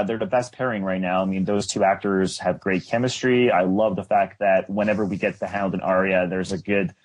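A man co-hosting a casual TV discussion, animated and talkative. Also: on the low side. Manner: animated, does mocking voices when quoting. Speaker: podcast co-host.

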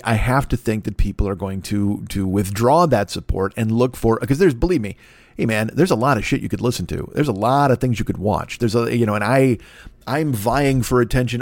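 A man's voice: medium pitch, darkish tone, no echo. A man hosting a solo podcast, rambling in a profane, self-deprecating way. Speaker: podcast host.

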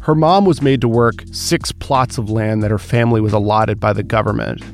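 A man's voice: on the low side, moderate pace, faint music behind. Male narrator summing up a guest's story. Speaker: host and narrator. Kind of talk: scripted podcast narration.

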